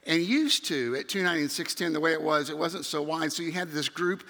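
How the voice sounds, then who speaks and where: Gravelly high preacher in a hall. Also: male voice, a little fast. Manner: animated storyteller acting out voices. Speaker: youth minister. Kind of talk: sermon storytelling. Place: church sanctuary. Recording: reverberant hall.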